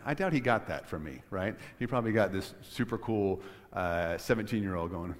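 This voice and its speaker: Middle-aged guy preaching, super low voice, rambly with lots of ums, big echoey church. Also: fairly quick. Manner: conversational, many fillers and restarts. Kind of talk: sermon with personal story. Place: church sanctuary. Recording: long hall reverb. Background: long reverb of a large church.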